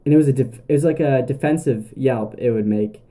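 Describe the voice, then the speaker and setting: A young man tells camping stories on his podcast in a deep, mellow voice that is very dark in tone. He rambles casually, piling up fillers and restarting sentences as he goes. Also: a little fast. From Canada. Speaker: podcast host. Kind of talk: casual storytelling monologue.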